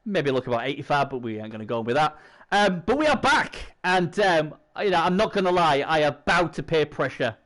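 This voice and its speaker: A man's voice: on the high side, lively intonation, brisk, fairly bright tone. A man, hosting a stream in rambling, chatty banter. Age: 40s. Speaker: stream host. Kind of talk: casual chat.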